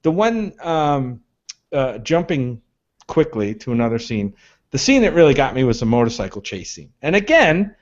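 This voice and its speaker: A man's voice: medium pitch, big pitch swings, normal speed. Man co-hosting a casual podcast, lo-fi. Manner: thoughtful, story-focused, many restarts. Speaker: podcast co-host. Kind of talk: casual movie review chat. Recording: dull lo-fi podcast audio.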